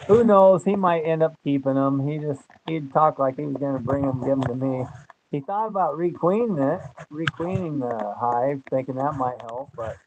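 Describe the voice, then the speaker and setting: An older man hosting a homesteading channel chats casually in a rambling, folksy way. His pitch is fairly high and his speed normal, and the lo-fi sound is dull with faint noise.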